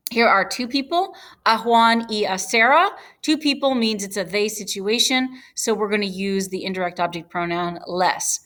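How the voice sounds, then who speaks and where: A woman's voice: mid-range voice, a little slow, a bit bright. A woman teaching a Spanish grammar lesson over a screen recording, explaining patiently with fillers and self-corrections.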